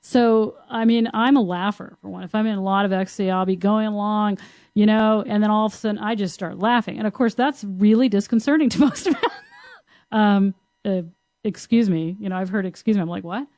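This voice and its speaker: A woman's voice: mid-range voice, steady tone, brisk, darkish tone, dry recording. A woman co-hosting a podcast who talks frankly and laughs often in casual conversation. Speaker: podcast co-host, tantra teacher.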